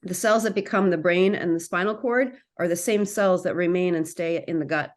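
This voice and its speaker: A woman's voice: on the low side, fairly quick. A woman, a massage therapist and actor, telling a story in a casual chat with frequent restarts and tangents over a video call. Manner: chatty, animated, sidetracks and restarts.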